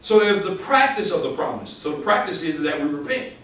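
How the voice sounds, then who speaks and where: A high-pitched male preacher delivering a sermon, his voice climbing to emphatic bursts as he quotes scripture. He is heard from a distance in a very echoey church sanctuary. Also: animated, brisk, fairly bright tone. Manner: rising to emphatic exclamations, quoting scripture, call-and-response. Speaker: pastor.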